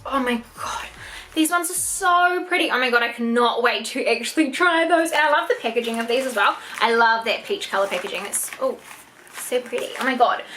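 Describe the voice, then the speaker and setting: A young New Zealand woman unboxing a gift box in a vlog, gushing and excitable, gasping and squealing over each item. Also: on the high side, noisy background. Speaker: YouTuber.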